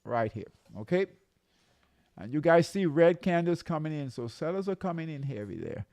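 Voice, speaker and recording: A man's voice: a little high, sing-song, moderate pace, gravelly, darkish tone, no room sound, studio quality. A man running a live trading lesson, walking through charts and checking in with "okay?" and "right?" as he talks. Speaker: trading coach.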